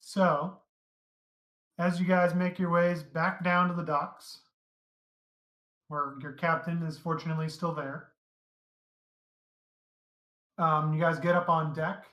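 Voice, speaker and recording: A man's voice: fairly high pitch, little pitch movement, fairly bright tone. Man narrating as game master, echoey room. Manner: easygoing, halting narration with fillers. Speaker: dungeon master.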